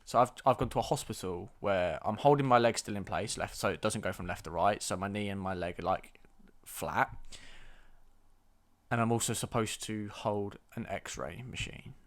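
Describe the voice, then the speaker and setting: A man's voice: lowish voice, moderate pace. A young man telling a story to camera, blunt and exasperated, swearing freely. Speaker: vlogger. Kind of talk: storytime vlog.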